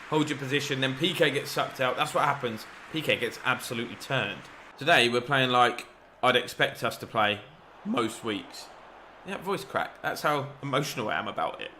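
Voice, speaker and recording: A man commentating on his own football video game match, excitable and quick to shout at the referee. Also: medium pitch, a little hiss or hum. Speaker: gaming YouTuber.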